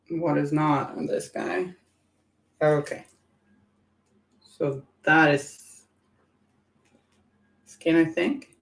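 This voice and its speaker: Slow, gravelly woman painting and chatting. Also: sits low, poor audio. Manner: chatty, jokes and mutters to herself while painting. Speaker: miniature-painting livestream host. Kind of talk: casual chat while working.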